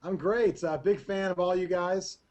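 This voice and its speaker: A man phoning in to a talk show for a casual chat. His voice sits fairly high for a man, and he stumbles through fillers in a hesitant, playful way while teasing the hosts. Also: steady tone, moderate pace, a little mellow. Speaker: caller.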